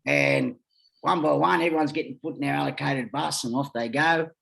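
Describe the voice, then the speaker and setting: A man's voice: on the high side, moderate pace, creaky, a bit bright. An Australian man telling rambling stories as a podcast guest, talking bluntly and swearing freely. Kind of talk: casual storytelling.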